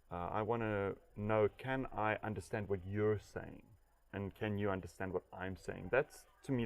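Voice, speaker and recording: A man, an English teacher, answering interview questions in a relaxed, hesitant way with many fillers and light laughs. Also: fairly low pitch.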